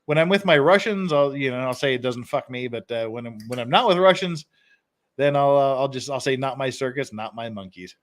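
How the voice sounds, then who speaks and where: A man's voice: mid-range voice, fairly quick. A man hosting a casual live stream, reading phrases aloud and chuckling often.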